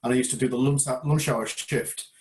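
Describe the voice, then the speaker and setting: A man's voice: mid-range voice, fairly even intonation, fairly quick, darkish tone. Reflective man telling a story over a beer. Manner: reflective storyteller, hesitant with repeated words. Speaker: karate instructor. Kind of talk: casual chat over a beer.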